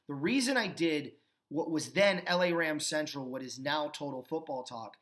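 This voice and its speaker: A man hosting his own football talk show, giving opinionated commentary with emphatic rhetorical questions. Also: a little high. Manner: calmer and earnest when thanking fans. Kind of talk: opinionated sports commentary monologue.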